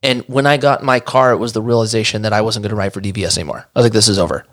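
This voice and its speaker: A middle-aged man telling his story in casual talk, animated, often acting out what others said. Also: fairly low pitch, rapid-fire. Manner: animated, acts out quoted dialogue. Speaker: guest.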